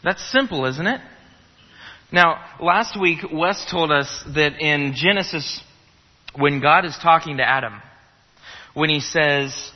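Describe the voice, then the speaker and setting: A man's voice: a little high, slow, pauses often. A man preaching a sermon, emphatic, repeating key phrases and asking rhetorical questions. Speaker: pastor. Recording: reverberant hall, dull lo-fi sound.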